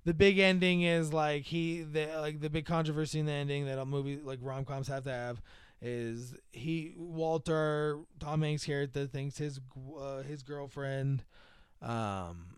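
A man with a clear, smooth voice who talks casually about a movie, with lots of fillers and laughs. His voice sits a little high, and the sound is dry. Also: dry recording. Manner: rambling, laughing, full of fillers. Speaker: podcast host. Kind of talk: casual movie-review chat.

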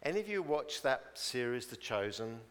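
A man's voice: mid-range voice, big pitch swings, normal speed, clean tone, long reverb tail. A man preaching a chatty sermon, telling stories and acting out their people in voices.

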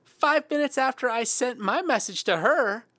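A man co-hosting a podcast, telling a story about himself in casual chat with lively, self-mocking energy. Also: extremely high pitch, moderate pace, no echo. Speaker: podcast co-host.

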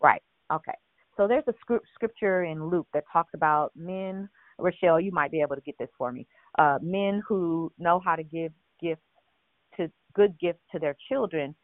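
A woman's voice: fairly low pitch, normal speed, no room sound. A woman preaches on a prayer call in an earnest, direct way, asking her listeners questions and restarting her sentences. Her voice comes through a tinny phone line and sounds dry, with no room around it. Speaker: minister leading a prayer call. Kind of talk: conversational sermon on a call. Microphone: phone or conference call.

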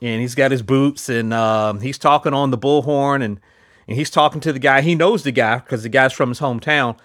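A man's voice: mid-range voice, fairly quick, a bit bright, no room sound, clean studio sound. A man casually chatting as a podcast host, rambling with lots of fillers and restarts. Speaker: podcast host reviewing films. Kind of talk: casual chat.

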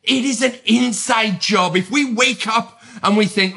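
A middle-aged British man speaks in a high, bright, ringing voice. He hosts a podcast and talks with energy and strong emphasis. His tone stays upbeat. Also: normal speed. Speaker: podcast host. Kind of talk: motivational podcast monologue.

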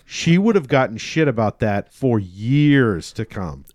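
A man's voice: mid-range voice, big pitch swings, measured pace, a little mellow, no echo. A man in his forties chatting casually about a movie with a co-host, blunt and profane with a wry humor. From Washington state, USA. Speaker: podcast co-host.

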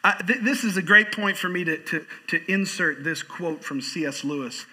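A man's voice: sits high, normal speed, pushed and bright, low-quality recording. A man pastor preaching a sermon in church, repeating phrases for emphasis and reading a quote aloud.

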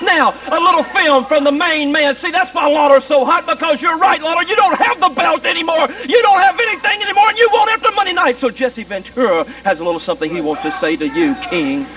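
A man hyping up his wrestlers in an excitable, fast-talking wrestling promo. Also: very high voice. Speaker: wrestling manager. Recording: muffled 1980s TV tape.

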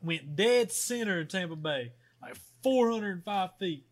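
A young man chatting casually on a podcast, talking slowly in a drawl. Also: sits high, animated. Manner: drawling, slow-talking, laughs at himself. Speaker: podcast co-host. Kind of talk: casual chat.

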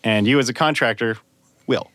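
A man who works as a sound designer, hosting a casual podcast chat and explaining things in a measured way. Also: mid-range voice, a bit bright, no room sound.

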